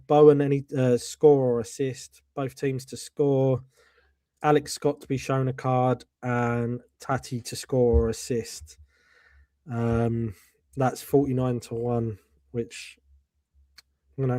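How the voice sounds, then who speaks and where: Flat-voiced man telling candid anecdotes. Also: mid-range voice, a little slow, no room sound, studio quality. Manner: candid, swears, tells anecdotes. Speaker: host. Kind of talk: casual fan chat.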